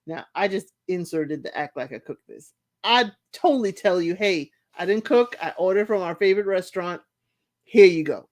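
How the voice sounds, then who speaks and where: A woman hosting a casual reality show recap, animated, laughing and mimicking the cast's lines. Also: medium pitch, normal speed. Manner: animated, laughs, mimics cast members' quotes.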